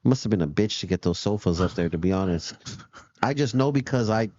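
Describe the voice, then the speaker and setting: A man's voice: on the low side, expressive, quick pace, darkish tone, no echo, dull audio. A man co-hosting a casual show, talking in a laid-back, profane way and laughing often while he reacts to news clips. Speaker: podcast co-host.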